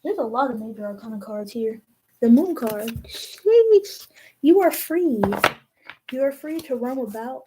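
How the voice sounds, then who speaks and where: A young woman giving a casual tarot reading, talking slowly and musing, often trailing off and restarting her sentences. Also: on the high side, background noise. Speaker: tarot reader.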